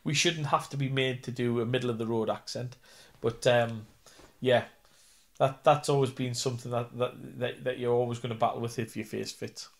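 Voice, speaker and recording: A man's voice: medium pitch, fairly even intonation, moderate pace, vocal fry. A man with a Geordie accent, an actor and singer chatting in an interview, self-deprecating and full of fillers. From North East England. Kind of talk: casual interview chat.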